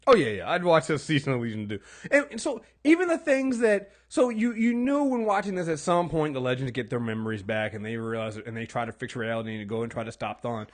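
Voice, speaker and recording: A man co-hosting a casual TV recap podcast, rambling and animated, swearing freely and acting out characters' lines. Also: medium pitch, fast, hardly any pauses. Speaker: podcast co-host.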